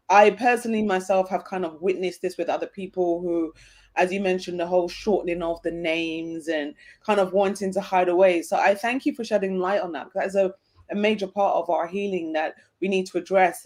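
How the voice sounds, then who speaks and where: A woman's voice: medium pitch, darkish tone. A woman hosting an interview, affirming her guest's story and asking follow-up questions. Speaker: interview host.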